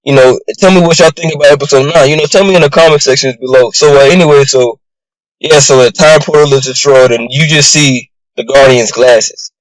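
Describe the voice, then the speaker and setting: A man's voice: mid-range voice, steady tone, brisk, no echo, rough recording. A man giving a casual, rambling recap of a show episode, full of fillers like "you know" and "bro". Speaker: YouTube show reviewer.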